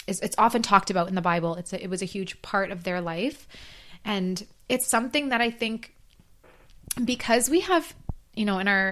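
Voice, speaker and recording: A woman hosting a solo health podcast, earnest and explanatory, hoarse from losing her voice. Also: lowish voice, a bit bright. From North America. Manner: earnest, explanatory, with fillers and restarts. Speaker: podcast host.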